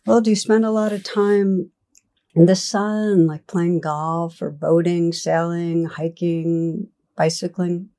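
A woman's voice: on the low side, fairly even intonation, slow pace, warm tone. A woman voicing a plain-spoken male doctor who fires off questions at a patient in a story she tells. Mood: quizzing.

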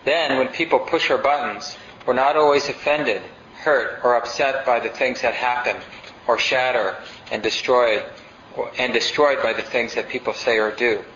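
A male meditation teacher gives a conversational dharma talk in a meditation center hall, reading passages aloud and asking the audience questions. His mid-range voice holds a steady tone at normal speed and sounds fairly bright. The recording is roomy and dull lo-fi, with a little hiss or hum.

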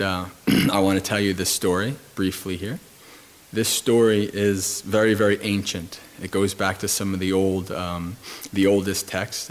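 This deep male voice belongs to a monk delivering a Dhamma talk on retreat. He tells stories in a calm way, often restarting and using filler words.

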